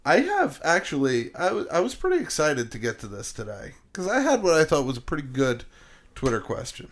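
A man's voice: on the high side, huge pitch swings, a little fast. A man hosting a casual podcast chat, swearing freely and laughing often. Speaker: podcast host.

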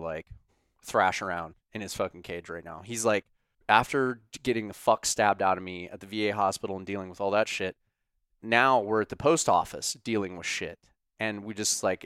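Guy ranting thru a story, swears a lot, sarcastic, smooth clear voice, pretty dry sound. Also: fairly low pitch, no echo. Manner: profane, sarcastic, animated. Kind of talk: casual storytime rant.

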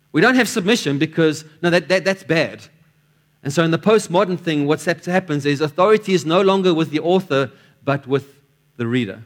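A man preaching a sermon in a church, telling stories and often repeating words as he restarts his sentences. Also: fairly high pitch.

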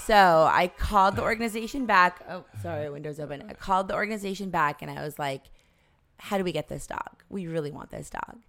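A woman in her forties tells a family story in relaxed conversation, slipping into the voices of the people she quotes. Her voice sits a little low for a woman. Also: brisk, vocal fry. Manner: animated storyteller acting out quoted dialogue. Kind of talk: casual storytelling chat.

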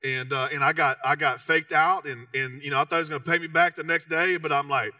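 Chatty Texan preacher, bright dry voice. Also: male voice, a little high, steady tone, fast, no echo, far from the mic. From Texas. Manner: conversational, self-mocking, lots of "you know". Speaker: pastor. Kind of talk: sermon storytelling.

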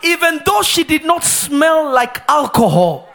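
A man preaching a fervent live sermon in a church, often shouting in a sing-song cadence. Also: very high-pitched, big pitch swings, a little slow, creaky. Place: church sanctuary.

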